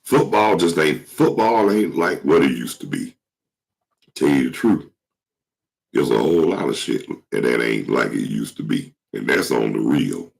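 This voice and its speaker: Very deep-voiced hoarse man with a cold. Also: big pitch swings, unhurried, low-quality recording. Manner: slangy, rambling, swears freely, addresses viewers as y'all. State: hoarse with a cold, keeps clearing his throat. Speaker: vlog host. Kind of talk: casual monologue to viewers.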